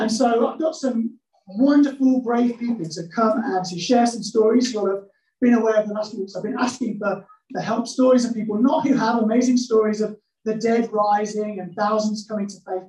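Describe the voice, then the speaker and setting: A woman's voice: mid-range voice, mellow. A woman preaching a sermon to a church congregation, humorous and acting out little scenes. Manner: humorous, acts out scenes in voices. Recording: echoey church hall, mic from a distance.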